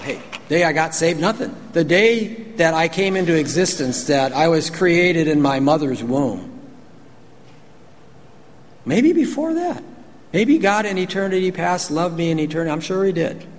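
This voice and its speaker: A man's voice: fairly high pitch, animated, measured pace, long pauses. A man preaching a conversational sermon, folksy and emphatic, often asking the congregation questions. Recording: long hall reverb, faint ambient noise.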